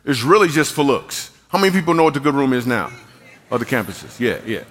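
A man's voice: mid-range voice, sing-song, fast talker, a bit bright. A man giving a playful, jokey talk to a live church audience, teasing the band between stories. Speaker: church speaker and comedian. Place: large church auditorium. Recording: long hall reverb.

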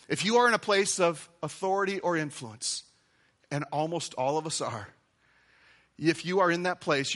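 A man's voice: a little high, fairly bright tone. A man preaching a sermon to his congregation, enthusiastic and emphatic, repeating phrases for effect. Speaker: pastor. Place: church auditorium with several campuses.

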